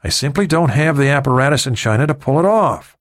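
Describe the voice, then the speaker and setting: A man voicing an earnest male intelligence official speaking in hushed tones in an audiobook. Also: mid-range voice, animated, brisk, no room sound, studio quality, pitched above the performer's own voice, natural voice.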